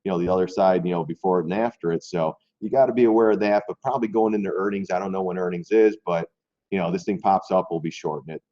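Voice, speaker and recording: Rambling low-voiced man, lo-fi stream. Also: steady tone, fast talker, dark tone. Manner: loose, rambling, repeats words, talks straight to viewers. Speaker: stock trading live stream host. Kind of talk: casual live stream commentary. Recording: dull lo-fi stream audio.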